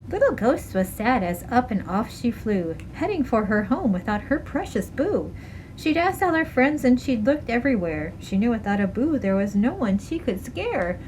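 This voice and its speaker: Librarian lady reading a kids story out loud, high voice all over the place, bit of background hiss. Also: normal speed, poor audio. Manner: animated, rhyming read-aloud. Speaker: children's librarian.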